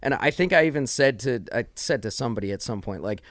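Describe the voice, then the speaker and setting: A man's voice: mid-range voice, expressive, brisk, few pauses, no echo, studio quality. A man co-hosting a podcast in casual chat, loose and candid, cursing now and then. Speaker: podcast co-host.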